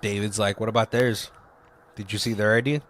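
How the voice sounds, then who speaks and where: A man's voice: on the low side, steady tone, brisk, fairly bright tone, slight background noise. Laughing casual male podcast co-host. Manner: laughs often, retells scenes with loose impressions. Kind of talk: casual movie review chat.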